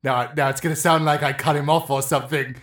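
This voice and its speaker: A man's voice: on the high side, steady tone, fast, fairly bright tone, reverberant. A man hosting a talk show sketch with playful improv banter. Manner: playful, crude, laughing.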